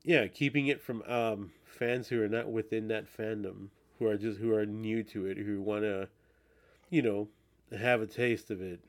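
A man's voice: fairly low pitch, steady tone, moderate pace. Casual, swearing podcast man. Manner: rambling, swears a lot, restarts often. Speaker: podcast host. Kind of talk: casual chat.

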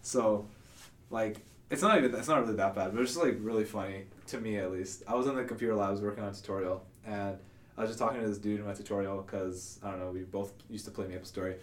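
A young man co-hosting a podcast, relaxed and laughing often as he tells a story with casual swearing. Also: lowish voice, fast talker, slight background noise. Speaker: podcast co-host.

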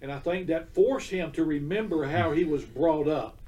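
A man's voice: fairly high pitch, moderate pace, warm tone, distant mic. An older man telling an emotional personal story as an interview guest, earnest, restarting his words and checking in with "okay?". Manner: earnest, emotional, repeats himself, asks listener "okay?".

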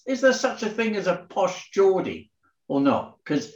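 A man's voice: high-pitched, big pitch swings, unhurried, echoey room, lo-fi sound. A man, co-hosting a podcast and asking curious questions in casual chat. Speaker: podcast co-host.

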